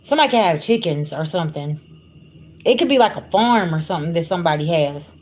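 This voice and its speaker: A woman's voice: on the low side, expressive, fast, a little mellow. A woman giving a casual livestream spiritual reading, talking bluntly and profanely straight to her viewers. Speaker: spiritual reader.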